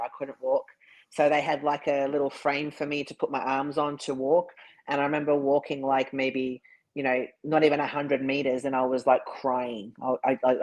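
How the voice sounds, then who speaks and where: A woman's voice: extremely low pitch, darkish tone, rough recording. A woman bodybuilder, a guest in an interview, telling her story earnestly and restarting her sentences often. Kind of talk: casual interview chat.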